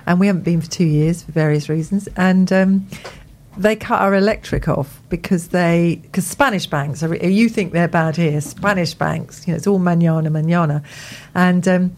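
A woman co-hosts a radio show, chatting casually and rambling from one thought to the next. Her voice sits a little low, and she laughs easily as she talks. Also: moderate pace, a little mellow. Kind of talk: casual on-air chat.

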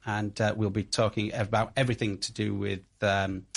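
A man's voice: fairly low pitch, flat delivery, normal speed, gravelly. A man with a Yorkshire accent, a radio guest talking about online security, speaking hesitantly with many fillers. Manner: hesitant, many ums and uhs. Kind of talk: radio interview.

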